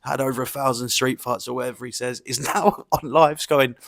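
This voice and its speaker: A man's voice: mid-range voice, fairly even intonation, brisk, vocal fry, fairly bright tone. A man giving a mocking, exasperated commentary rant, swearing and laughing often. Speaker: YouTube commentator. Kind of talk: ranting commentary vlog.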